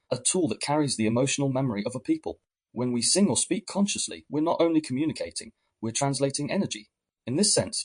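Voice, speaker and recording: A man giving calm, measured scripted narration in a reflective tone. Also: mid-range voice, slightly rough. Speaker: podcast narrator.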